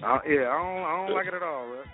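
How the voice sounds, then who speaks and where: A man runs through scores in a quick radio sports rundown. His voice sits a little high and comes in over a thin, phone-like line. Faint music plays underneath. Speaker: sports segment host.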